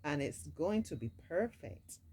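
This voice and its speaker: A woman voicing a kind, caring young queen who is the big sister, speaking gently in a storybook reading. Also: deep voice, very animated, unhurried, slight background noise. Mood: gentle.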